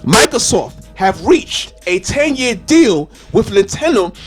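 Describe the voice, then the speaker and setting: A man hosting a gaming channel, ranting with loud, exasperated questions and frequent cursing. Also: sits high, very animated, slow pace, soft background music. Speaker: gaming YouTuber. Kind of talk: animated rant video.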